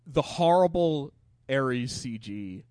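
A man's voice: medium pitch, expressive, takes it slowly, darkish tone, clean tone, no echo, studio quality. A man co-hosting a casual podcast chat, joking and swearing. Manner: chatty, laughs at his own jokes, swears.

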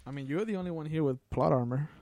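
A man's voice: fairly high pitch, quick pace, warm tone, no room sound. A man running a tabletop game as game master, narrating scenes in a loose, descriptive way with lots of "like" and "kinda".

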